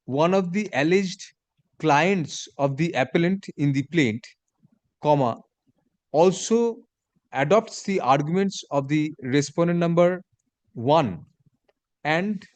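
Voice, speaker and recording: A man's voice: fairly high pitch, expressive, darkish tone, dry recording. Man dictating a court order. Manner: measured dictation, reads punctuation aloud. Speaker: judge.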